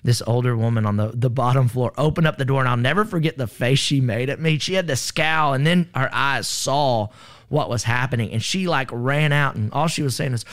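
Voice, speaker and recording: Brief: a man recounting a rescue, earnest and rambling, mid-pitched. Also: a little fast. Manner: earnest, rambling, with many fillers. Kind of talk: personal testimony.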